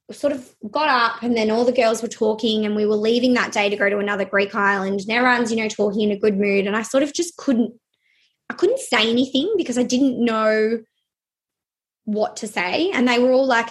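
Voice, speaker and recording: A young adult woman telling a personal story in a halting way, with many fillers and restarts. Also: on the high side.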